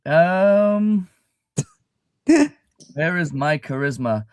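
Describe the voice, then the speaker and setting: A man's voice: fairly high pitch, animated, smooth, no room sound. Rambling man at a tabletop game. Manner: rambling, halting excuses with restarts. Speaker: player. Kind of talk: playing a tabletop game, in character.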